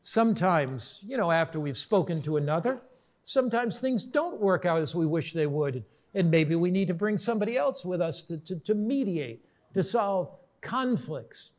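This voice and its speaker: A middle-aged male pastor preaching a sermon, telling stories earnestly and slowing down for emphasis. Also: sits high, animated, darkish tone. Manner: earnest storytelling, slows for emphasis.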